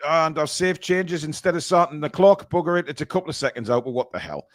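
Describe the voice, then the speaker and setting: A middle-aged man hosts a live football stream, speaking casually to his audience. His voice sits a little high, and he jokes his way through the build-up. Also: expressive, fast talker, no echo, clean studio sound. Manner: chatty, joking, addresses viewers directly. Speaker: co-host of a live match watchalong.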